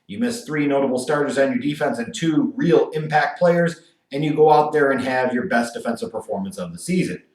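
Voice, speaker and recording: A man talking through a football game preview with animated energy and crude sarcastic asides. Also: mid-range voice, brisk, recorded from a distance. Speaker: sports commentator. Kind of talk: solo football preview video. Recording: roomy echo, off from the mic.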